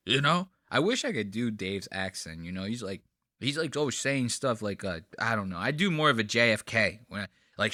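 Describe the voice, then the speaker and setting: Giddy, bright-voiced male podcast host. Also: mid-range voice, animated, a little fast, no room sound, clean studio sound. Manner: giddy, laughing at the clips, loose and rambling. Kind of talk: casual commentary on clips.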